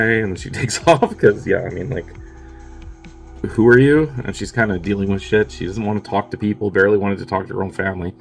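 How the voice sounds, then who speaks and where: A fairly low-voiced man talks through a film's plot in a loose, offhand way. He peppers his recap with casual swearing and shrugging fillers. Faint music sits quietly under his voice. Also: expressive, fairly quick, vocal fry. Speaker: movie reviewer. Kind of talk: casual spoken movie recap.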